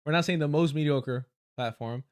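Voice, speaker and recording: A man's voice: a little high, normal speed, smooth. A man hosting a livestream, reacting to clips with sarcastic, profane ranting and frequent laughter. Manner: mocking, laughs often. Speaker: livestream host. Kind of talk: live commentary reacting to clips.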